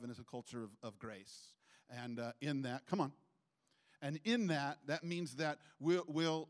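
Man, pastor, preaching in church, animated delivery, acts out quotes, mid-range voice. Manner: animated, acts out quotes with sudden pitch jumps. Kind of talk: sermon.

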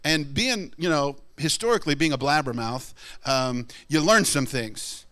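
A man preaching a sermon in a conversational, animated way, often acting out what people say. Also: unhurried. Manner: conversational, animated, acts out quoted people in high voices. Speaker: pastor.

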